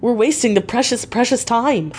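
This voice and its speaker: A woman's voice: on the high side, normal speed, darkish tone, slight background noise, voice pushed up, natural voice. Woman doing an anxious young Englishman. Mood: urgent impatient. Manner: pleading, urgent.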